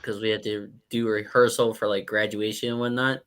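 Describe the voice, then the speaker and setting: A man's voice: lowish voice, brisk, smooth. A man on an open talk panel in casual chat, telling school anecdotes and acting out what people said. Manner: animated anecdote-telling with acted-out quotes.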